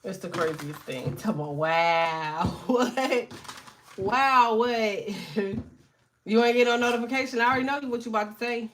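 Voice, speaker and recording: Woman, thirties, livestream host, casual chat, joking, laughs a lot, allergies, bit high, faint noise. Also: quick pace. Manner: animated, joking, swearing, laughs often.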